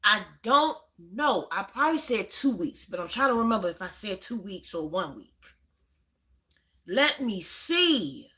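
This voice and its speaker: Middle-aged woman, chatty livestream host, repeats herself, bright tone. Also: medium pitch, big pitch swings, measured pace. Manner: chatty, greets viewers by name, repeats herself. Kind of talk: casual livestream chat.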